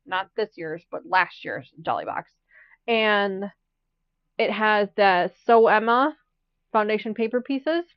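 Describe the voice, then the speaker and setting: A chatty woman talks to her viewers while she sews, rambling from one thought to the next and laughing often. Her voice sits at a middle pitch. The sound is dry and a little muffled. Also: animated, slow pace, smooth, no echo. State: has the hiccups. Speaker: quilting channel host. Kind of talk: casual chat during a live sewing stream.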